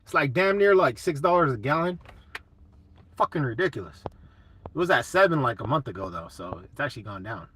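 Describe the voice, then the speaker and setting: A man's voice: medium pitch, sing-song, fairly quick, fairly bright tone, a little hiss or hum. A young man hosting a casual live chat, laid-back and swearing a lot while answering comments.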